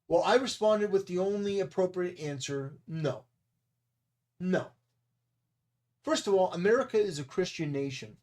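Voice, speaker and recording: A man delivers an opinion monologue with a somewhat high-pitched voice. He sounds blunt and combative, dismissive of the people he argues against. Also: expressive, a little slow, long pauses, a little mellow. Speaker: commentary channel host.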